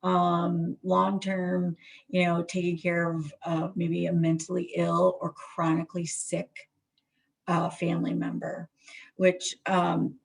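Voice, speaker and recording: Husky, gravelly-voiced woman therapist. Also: on the low side, completely flat delivery, takes it slowly. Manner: conversational, many fillers and restarts. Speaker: trauma therapist. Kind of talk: presentation on trauma.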